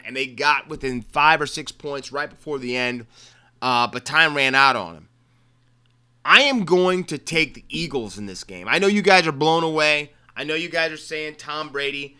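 Guy from maryland doing his football picks, kinda high voice, chatty and jokey. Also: sharp tone, smooth. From Maryland, USA. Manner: chatty, joking asides and repeated phrases. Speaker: sports podcast host. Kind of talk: casual football picks monologue.

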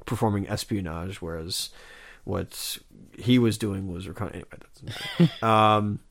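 Low-voiced laid-back podcast co-host man. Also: a little slow, gravelly. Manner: laid-back and joking, with frequent laughs. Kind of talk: casual comic book discussion.

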